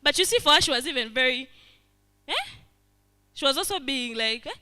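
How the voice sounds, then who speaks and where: Woman running a workshop, bright voice, keeps asking the room if it makes sense. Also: high-pitched, lively intonation, fairly quick. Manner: constantly checks in with the audience, acts out little scenes. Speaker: workshop facilitator. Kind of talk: interactive workshop talk.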